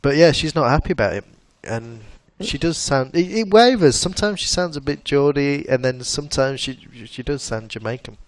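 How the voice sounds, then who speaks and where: A man co-hosts a relaxed podcast, trading odd news stories and laughing along as he tells them. His voice sits at a middle pitch and is recorded dry and close. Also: moderate pace, few pauses, no room sound. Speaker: podcast co-host. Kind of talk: casual chat.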